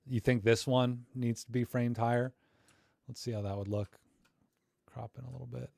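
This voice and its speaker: Recorded in clean studio sound without echo, a man with a low, darkish voice critiques viewers' photos during a live stream. He rambles casually, pokes fun at himself, uses lots of fillers, and keeps a friendly, encouraging tone with viewers.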